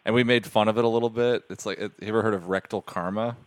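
A man's voice: on the low side, fairly even intonation, fast talker, dry recording. A man cracking crude jokes in casual podcast chat. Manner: crude joking banter. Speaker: podcast co-host.

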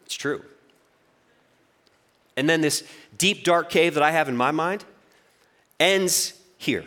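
A man's voice: a little high, a little slow, long pauses. A pastor in his forties telling a personal story in a sermon, acting out the voices in his head with humor. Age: 40s. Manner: lively storytelling, acts out inner voices.

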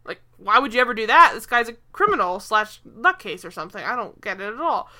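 A woman's voice: fairly high pitch, big pitch swings, fairly quick, sharp tone. A young woman co-hosting a casual show, recapping an episode with sarcastic, profane asides. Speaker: podcast co-host.

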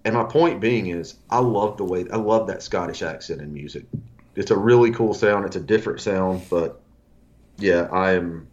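A man's voice: fairly low pitch, lo-fi sound. A man co-hosting a casual music podcast, rambling with restarts as he recommends a band. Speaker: podcast co-host.

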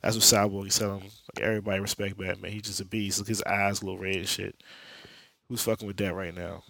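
A man's voice: low voice, flat delivery, fast talker, creaky, sharp tone, slight background noise. A young man hosting a podcast, recapping a comic book story in streetwise slang with jokes and lots of profanity. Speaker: podcast host.

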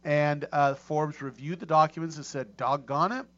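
A middle-aged man hosts a casual talk show in a slightly high voice, rambling and restarting his sentences. The audio is dull and lo-fi. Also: flat delivery, moderate pace, fairly bright tone. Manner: rambling, many restarts and fillers. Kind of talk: casual chat.

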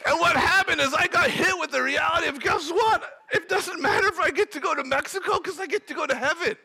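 A young man preaching, telling a personal testimony in an animated, storytelling manner that breaks into shouting. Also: very high-pitched, a little fast, vocal fry. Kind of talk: sermon testimony.

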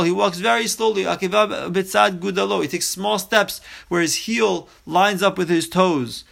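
A man leads a Torah study class, reading a line of Hebrew and then explaining it in English. His voice sits a little high for a man and has a gravelly, fried edge. He talks like a teacher walking through a text one phrase at a time. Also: steady tone, normal speed, few pauses, a bit bright.

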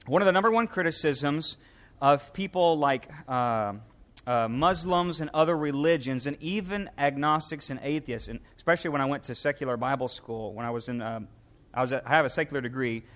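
A man preaching a sermon, emphatic, reading scripture aloud and stressing key words, shifting between quick and slow delivery. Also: fairly high pitch, a bit bright. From United States. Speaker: pastor.

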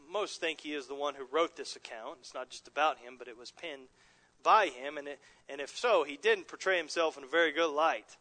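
A man preaching a sermon in an earnest way, with frequent restarts and soft chuckles. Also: on the high side. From Southern California. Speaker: pastor.

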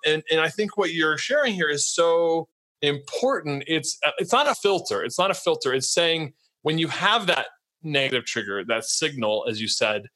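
Guy hosting a podcast, bright sharp voice, rambly, keeps asking right?. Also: on the high side, lively intonation, moderate pace. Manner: rambling, conversational, many tag questions. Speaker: podcast host. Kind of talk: casual interview chat.

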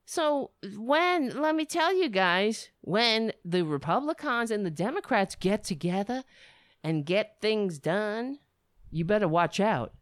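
Sarcastic woman with a lively, swooping voice. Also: mid-range voice, slow pace, dry recording, clean studio sound. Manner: sarcastic and rambling, with mocking impressions. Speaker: livestream host. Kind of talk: political commentary livestream.

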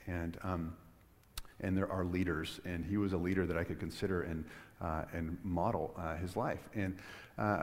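A middle-aged man preaching a sermon in a loose, conversational way, telling a personal story with plenty of fillers and restarts. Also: low-pitched. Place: church sanctuary. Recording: long hall reverb. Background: long reverb of a large church.

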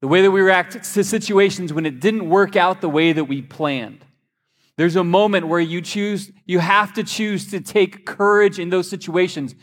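A man preaching a sermon in a church, a lively, joking storyteller. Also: on the high side. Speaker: pastor. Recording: long hall reverb.

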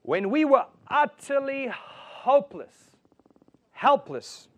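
A male preacher with a high voice delivers a sermon. He swings between booming emphasis and quiet, intimate storytelling. He keeps pressing his listeners with rhetorical questions. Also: sing-song, slow. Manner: asks the audience rhetorical questions. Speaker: pastor.

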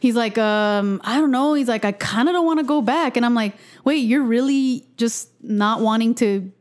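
A woman's voice: fairly high pitch, moderate pace. Chatty young woman, lots of fillers. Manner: chatty, filler-heavy, laughing. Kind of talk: casual chat.

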